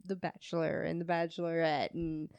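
A woman's voice: deep voice, flat delivery, moderate pace, a little mellow, clean tone, no echo. A young woman cohosting a casual podcast who swears freely and laughs often. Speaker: podcast co-host. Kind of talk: casual chat.

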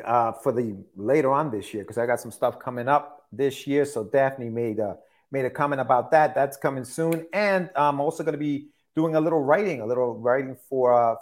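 A man co-hosting a podcast, talking in a laid-back, joking way. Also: mid-range voice. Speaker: podcast co-host. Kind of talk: casual chat.

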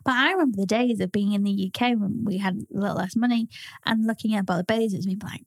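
A woman's voice: medium pitch, rapid-fire, no room sound. A woman in her thirties with a Liverpool accent, co-hosting a casual podcast, chatty and laughing often, swearing freely as she tells stories. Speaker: podcast co-host. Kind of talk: casual chat.

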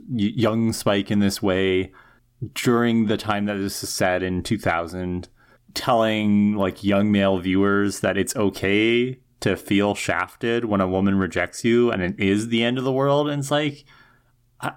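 A podcast co-host giving earnest, opinionated commentary in casual chat, ranting with many restarts. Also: mid-range voice.

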